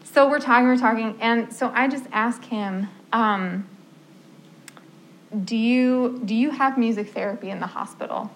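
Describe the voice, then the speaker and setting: A woman's voice: on the high side, a little slow, slight background noise, low-quality recording. A woman music therapist giving an informal talk to colleagues, telling stories with lots of quoted dialogue and filler words. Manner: storytelling with quoted dialogue, frequent um and like.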